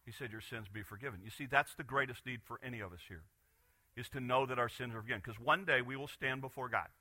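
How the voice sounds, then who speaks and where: A man preaching a Sunday morning sermon as pastor, retelling a Bible story with animated voices for the people in it. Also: medium pitch, quick pace, no echo.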